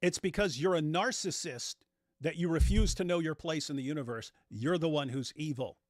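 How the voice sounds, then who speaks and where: A man's voice: fairly high pitch, moderate pace, dry recording, studio quality. A man hosting a casual reaction show, explaining and mocking the clips he plays. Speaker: host.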